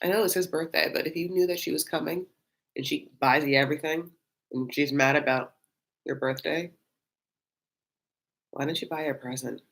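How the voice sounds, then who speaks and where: A woman's voice: low-pitched, steady tone, normal speed, long pauses. Giggly, rambling woman streamer. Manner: chatty, giggly, rambling with many fillers. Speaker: live-stream host reacting to a reality show. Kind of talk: casual live-stream chat.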